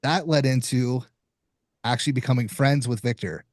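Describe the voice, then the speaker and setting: A man hosting a podcast, telling a story in a relaxed, casual way. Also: mid-range voice, normal speed, no room sound, clean studio sound. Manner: relaxed storytelling, with small restarts. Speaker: podcast host.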